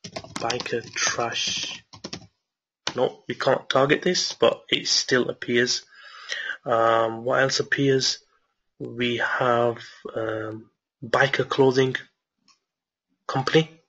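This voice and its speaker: A man teaching a screen-share marketing tutorial and answering viewer questions, excited and repetitive, with lots of restarts, late at night. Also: medium pitch, slow pace, long pauses, husky, highs cut off. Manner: enthusiastic, repeats himself, many restarts.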